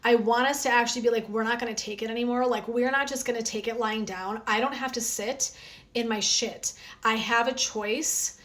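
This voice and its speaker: A woman's voice: on the high side, normal speed. A woman wellness coach chatting energetically on a phone live stream, with a sore throat from talking. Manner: chatty and energetic, frequent "um" and "right?". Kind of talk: casual live stream chat.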